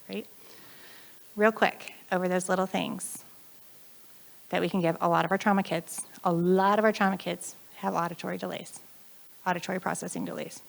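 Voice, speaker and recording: A woman with an American accent giving a chatty, animated conference talk, often acting out the voices of the people in her stories. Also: lowish voice, moderate pace, creaky, pauses often. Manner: chatty, animated, acts out quoted voices, frequent laughs. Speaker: conference speaker.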